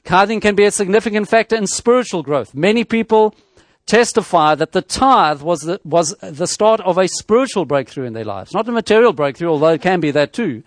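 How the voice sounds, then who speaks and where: A man delivers a sermon in a fairly high voice, working through his points in a measured teaching tone. He often restarts phrases and asks rhetorical questions. The sound is dry and close, with no room echo. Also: lively intonation. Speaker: preacher.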